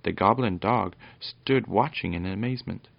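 A man with a gravelly, lowish voice reads a children's storybook aloud at a moderate pace, stumbling and correcting himself now and then in an unpolished way. The recording is lo-fi with no echo.

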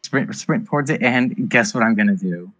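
A man's voice: mid-range voice, normal speed, fairly bright tone, no echo. A man playing a tabletop game, speaking hesitantly with many fillers. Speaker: player. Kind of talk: casual tabletop play. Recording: dull lo-fi audio.

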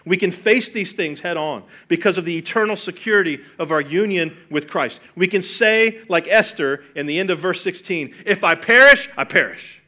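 Bright-toned man preaching a sermon. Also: high-pitched, normal speed, hardly any pauses. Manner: swings from soft and hushed to loud and emphatic; earnest preaching with rhetorical questions. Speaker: pastor.

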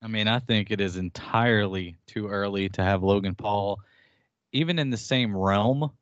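A low-voiced man talks in a relaxed way, thinking out loud as he goes. The sound is dry and close, with a dull, lo-fi tone. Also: normal speed, dry recording. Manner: relaxed, thinks aloud with fillers. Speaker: podcast co-host. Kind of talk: casual chat.

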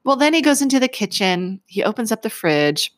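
A woman's voice: fairly high pitch, sing-song, a little fast. A woman in her forties telling a story to camera in a chatty way, laughing often and acting out the voices in it. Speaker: vlogger.

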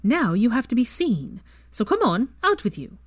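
A woman voicing a bossy, teasing young witch, raised in pitch, in a fan fiction reading. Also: big pitch swings, dry recording, clean studio sound. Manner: brisk, commanding, mock-sweet when acting posh.

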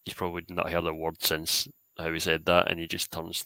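A man's voice: low voice, monotone, fairly quick, sharp tone, smooth, no room sound. A man co-hosting a podcast, chatting casually about football players and laughing easily. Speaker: podcast co-host. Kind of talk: casual sports chat.

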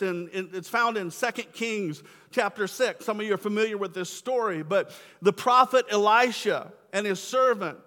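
A man's voice: sits high, bright, forceful tone. A young man preaching a sermon as pastor, enthusiastic and casual with slangy asides. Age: young adult. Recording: echoey hall.

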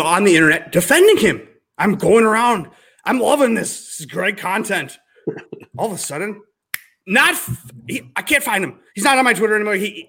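A man's voice: high voice, husky. A man in his thirties from Minnesota with a Minnesota accent, chatting casually on a podcast and telling stories with exaggerated outbursts. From Minnesota, US Midwest. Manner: animated storyteller, jumps into exaggerated outbursts. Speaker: podcast guest, realtor.

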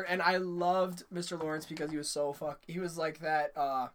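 A man's voice: on the high side, flat delivery, moderate pace, a bit bright, slight background noise. A young man in casual conversation, swearing often, laughing and breaking into impressions. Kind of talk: casual chat.

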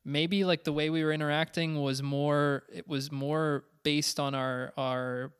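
A young man co-hosting a casual podcast chat, halting and thinking aloud with many fillers. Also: fairly high pitch, flat delivery, clean tone. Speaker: podcast co-host.

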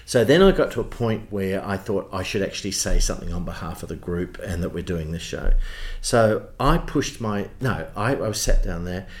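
A man with an Australian accent, a theatre producer telling lively backstage anecdotes in an interview. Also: deep voice, moderate pace, hardly any pauses. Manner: animated storyteller, does voices in quotes.

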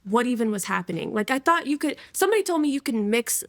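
A woman's voice: fairly high pitch, sing-song, fast talker, dry recording, clean studio sound. A woman in her twenties telling her personal testimony to an interviewer in a casual, slangy way, often breaking into laughter. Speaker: interview guest.

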